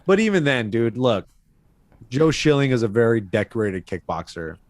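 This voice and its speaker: A man's voice: mid-range voice, very animated, normal speed, no echo. A man with a mid-range voice recounts a fight video step by step on a casual chat show, swearing casually. His voice is recorded dry and close, with little room sound. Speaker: podcast co-host.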